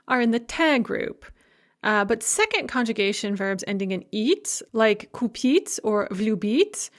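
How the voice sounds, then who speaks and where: A woman teaching a recorded language lecture, explaining grammar methodically and carefully pronouncing example words. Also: a little high. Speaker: Russian language instructor.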